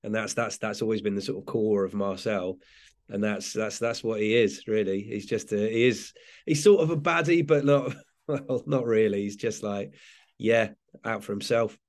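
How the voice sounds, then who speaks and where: English male comedian, low-pitched, loose chatty storyteller who laughs a lot. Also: normal speed. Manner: rambling, self-correcting, laughs often. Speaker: comedian guest. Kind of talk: casual interview chat.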